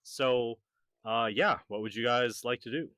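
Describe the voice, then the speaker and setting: A man running a tabletop game as game master, halting with many ums and uhs and often laughing. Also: medium pitch, pushed and bright, no echo.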